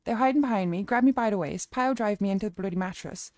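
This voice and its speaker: A woman's voice: medium pitch, fast, no echo, clean studio sound, pitched above the performer's own voice, natural voice. A woman doing a cheeky Irish storyteller. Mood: mock-grumbling. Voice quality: lively, exaggerated, crude storytelling. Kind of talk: livestream chat.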